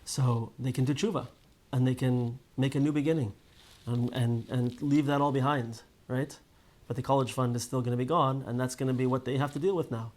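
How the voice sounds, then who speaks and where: A man of middle pitch leads a relaxed Torah class and talks like a storyteller. He restarts his sentences, tags them with "right?" and speaks at an everyday pace. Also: fairly quick, hardly any pauses. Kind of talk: casual spoken Torah class.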